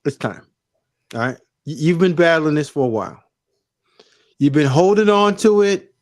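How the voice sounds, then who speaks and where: Brief: high-voiced, animated man co-host, playful mock-serious ribbing. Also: normal speed. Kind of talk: casual show banter.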